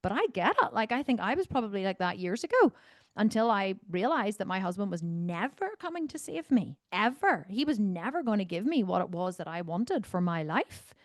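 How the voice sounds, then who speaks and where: A Northern Irish woman coaching members on a video call, talking bluntly and with plenty of swearing, dropping into low asides and then bursting out loudly. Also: moderate pace, no room sound, clean studio sound. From Northern Ireland. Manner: blunt and profane, animated, swinging between low asides and loud outbursts. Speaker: fitness coach answering member questions. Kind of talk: casual Q&A on a group video call. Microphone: video call microphone.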